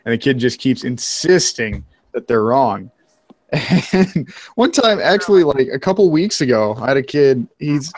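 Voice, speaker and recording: A man's voice: medium pitch, very animated, normal speed. A young man in casual chat, joking wryly about college classmates and swearing casually. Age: young adult.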